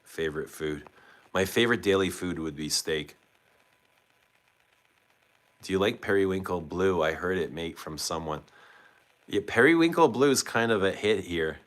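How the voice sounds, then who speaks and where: A man's voice: low-pitched, normal speed, pauses often, a bit bright. A man hosting a casual livestream, reading viewer comments aloud and chatting back with questions. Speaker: livestream host.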